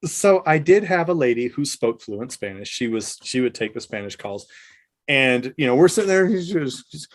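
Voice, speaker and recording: A man co-hosting a podcast, telling a work anecdote in a casual, expressive way. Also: medium pitch, normal speed. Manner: expressive anecdote teller who acts out quoted voices. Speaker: podcast co-host. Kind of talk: casual storytelling chat.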